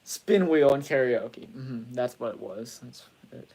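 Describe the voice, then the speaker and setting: A man's voice: medium pitch, a little slow, gravelly, dark tone, a little hiss or hum. A man in a casual chat who rambles through his points. He often breaks off and restarts mid-sentence as he works out what he means.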